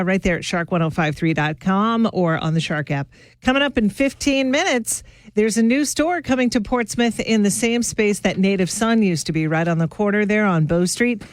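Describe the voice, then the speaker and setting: A woman's voice: mid-range voice, no echo. Chatty self-deprecating woman radio host. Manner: chatty, self-deprecating, talks to listeners as friends. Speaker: radio morning show host. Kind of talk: casual radio chat.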